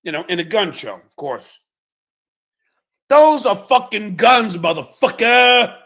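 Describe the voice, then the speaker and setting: A man's voice: sits high, sing-song, slow, vocal fry, a bit bright. A man in a recorded rant, taunting and threatening someone.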